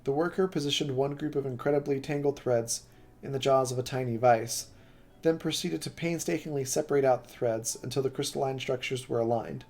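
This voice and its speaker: A man's voice: medium pitch, brisk. Man reading a novel aloud on stream. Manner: steady reading with occasional slips and self-corrections.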